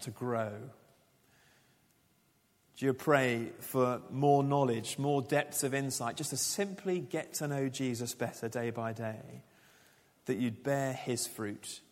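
A man's voice: medium pitch, big-room sound. A man preaching a sermon as pastor, conversational and full of rhetorical questions.

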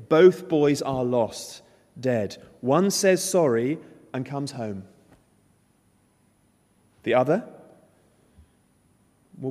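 A man's voice: medium pitch, a little mellow. A man preaching a sermon, emphatic and storytelling, acting out the characters' lines. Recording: long hall reverb.

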